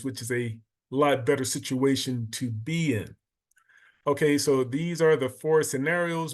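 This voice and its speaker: A man teaching a math lesson, patiently explaining and counting items aloud step by step. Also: mid-range voice.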